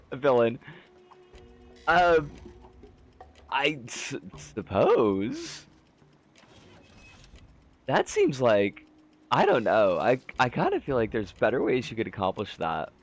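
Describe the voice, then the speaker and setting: A man streaming a game, chatting in a rambling, jokey way. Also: gravelly. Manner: rambling, jokey, swoops in pitch. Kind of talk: casual game-stream chat.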